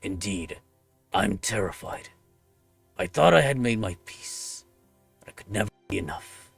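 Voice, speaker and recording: A man voicing a loyal, solemn warrior monk with a gravelly voice, reading game dialogue in formal, deliberate speech. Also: on the low side, big pitch swings, no room sound, faint music behind, exaggerated voice.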